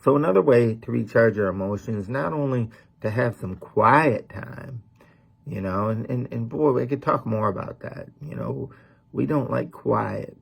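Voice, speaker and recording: A man's voice: mid-range voice, a little slow, creaky, breathy edge. A middle-aged man preaching a sermon as a pastor, talking in a folksy, conversational way with lots of "man" and "you know.".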